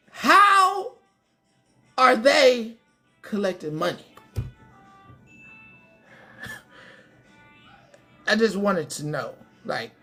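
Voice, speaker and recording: A woman hosts a livestream, ranting casually and profanely at her chat and trolls, talking straight back to them and laughing often. Her voice is a little high with a fairly bright tone.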